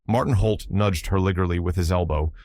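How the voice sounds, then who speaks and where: A man narrating a classic adventure audiobook in a measured, formal storytelling manner. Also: low-pitched, darkish tone. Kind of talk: scripted narration.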